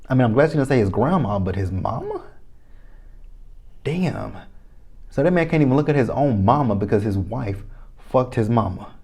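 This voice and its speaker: A man recapping a TV episode in a casual, profane, animated way, reacting aloud to each scene. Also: on the low side, normal speed, creaky, slightly rough. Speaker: TV episode reviewer.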